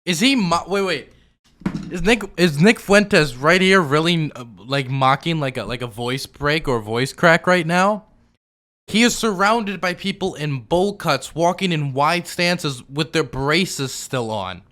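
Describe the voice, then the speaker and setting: A man's voice: a little high, measured pace, sharp tone. A man giving casual, sarcastic reaction commentary as a streamer, rambling with lots of fillers.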